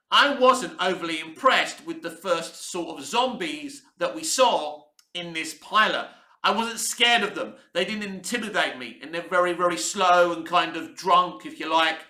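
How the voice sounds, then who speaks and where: A man's high-pitched voice comes across pushed and bright as he talks to camera in a reverberant room in Cyprus, where he's based. His TV review is blunt, opinionated and casual, with plenty of swearing.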